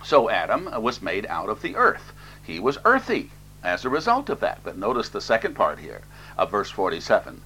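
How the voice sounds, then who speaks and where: A man's voice: fairly low pitch, huge pitch swings, moderate pace, pushed and bright, a little hiss or hum, poor audio. A man preaching an expository sermon, reading scripture aloud and then explaining it plainly, with fillers.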